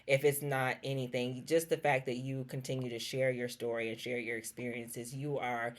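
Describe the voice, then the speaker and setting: A woman's voice: a bass voice, level tone, normal speed. A woman hosting a podcast, gushing with emotion and close to tears as she thanks her guest. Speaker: podcast host. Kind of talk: heartfelt interview wrap-up.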